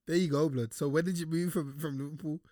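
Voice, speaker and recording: A man's voice: on the high side, fairly even intonation, fast talker, mellow, no room sound, clean studio sound. A young man, teasing his co-host in slangy, casual podcast banter. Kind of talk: casual chat.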